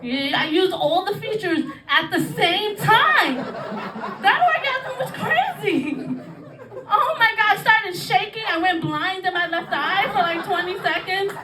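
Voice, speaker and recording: A woman's voice: very high-pitched, measured pace, noisy background. A woman in her thirties doing a bawdy stand-up comedy set on a club stage, often laughing through her own jokes. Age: 30s. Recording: roomy club sound from a distant mic with crowd. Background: audience laughing and clapping.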